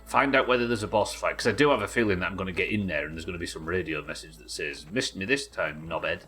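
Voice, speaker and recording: Deep-voiced New Zealand streamer. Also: male voice, rapid-fire, pushed and bright, soft background music. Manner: chatty, thinks aloud, swears casually, answers chat. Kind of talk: live gameplay commentary.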